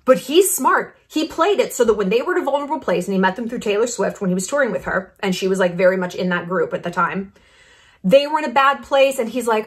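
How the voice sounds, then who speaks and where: A woman hosting her own vlog, talking bluntly and profanely with strong opinions and lively asides. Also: a little high, fast talker. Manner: animated, drops into asides and mock quotes. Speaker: vlogger host. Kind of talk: casual commentary vlog.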